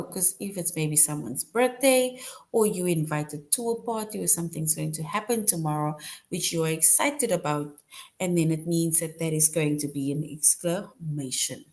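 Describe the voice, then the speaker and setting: A woman's voice: low voice, a little mellow. A woman teacher explaining a grammar lesson to young children, patient and repetitive, often checking in with "right?". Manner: patient, repeats points, tags "right?" often; slow, deliberate.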